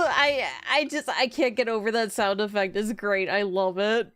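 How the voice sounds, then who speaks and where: A woman's voice: medium pitch, steady tone, normal speed, fairly bright tone, smooth, dry recording. A woman streamer joking and laughing through casual gameplay commentary, swearing freely.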